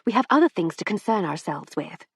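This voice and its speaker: A woman voicing an exasperated, impatient wife in an audiobook, clipped and sharp. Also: fairly low pitch, sing-song, brisk, husky, no room sound, clean studio sound, exaggerated voice. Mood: irritated. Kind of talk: audiobook character reading.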